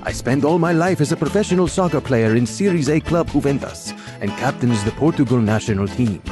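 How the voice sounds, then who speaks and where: A man's voice: medium pitch, expressive, brisk, music in the background, close to an everyday voice. A man putting on a mock Brazilian accent to read out a scam letter written as if by a soccer star. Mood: mock-earnest.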